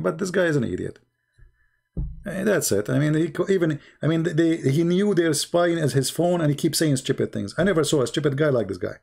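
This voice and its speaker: A man's voice: a little high, creaky, a little mellow, breathy edge. A man hosting a live call-in debate show, talking in a blunt, mocking way with loose grammar.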